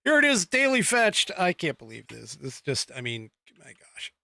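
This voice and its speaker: A man hosts a casual live-streamed political show. His voice sits a bit high and sounds bright and forceful, close to the mic in a dry room. He rambles, stops to read the chat aloud and chuckles often. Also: wildly swooping pitch, normal speed, vocal fry, no room sound. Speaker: political podcast host.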